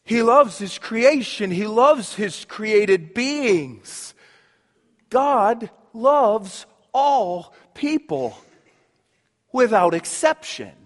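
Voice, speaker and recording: A man preaching a sermon as a pastor, dropping to hushed tones and then rising into emphatic outbursts. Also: sits high, in a large hall. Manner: swings from hushed intimacy to sudden emphatic outbursts.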